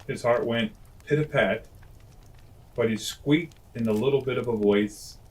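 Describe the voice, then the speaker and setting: A man reading classic children's stories aloud at bedtime, gentle and homely, with chatty asides. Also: mid-range voice, steady tone, moderate pace, rough recording. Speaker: storyteller. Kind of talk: bedtime story read-aloud.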